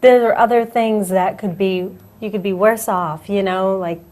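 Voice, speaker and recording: A young woman hosting a casual talk show, animated and laughing, acting out little quoted lines. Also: mid-range voice, moderate pace. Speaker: host. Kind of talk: casual chat.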